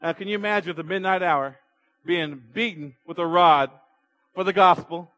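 A man's voice: high voice, moderate pace, pushed and bright. A male pastor preaching a sermon, retelling a story and putting rhetorical questions to his congregation. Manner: storytelling with repeated restarts.

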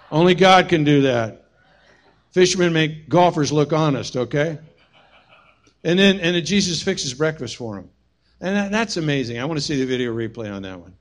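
A man preaching a sermon as pastor, telling stories with humorous asides. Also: a little high. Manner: storytelling, humorous, animated asides.

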